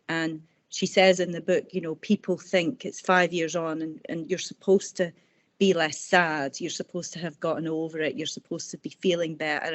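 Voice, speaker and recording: A woman author talking in a casual interview over a video call, telling personal stories warmly and restarting her sentences often. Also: sits low. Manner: warm, chatty storytelling with frequent restarts. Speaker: author guest.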